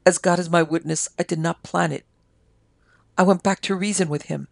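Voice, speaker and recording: A reader voicing a delirious army major who raves and pleads in a feverish confession, with a gravelly edge. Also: medium pitch, fairly even intonation, moderate pace, dry recording, lightly acted. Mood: terrified, pleading. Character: delirious army major, guilt-ridden man.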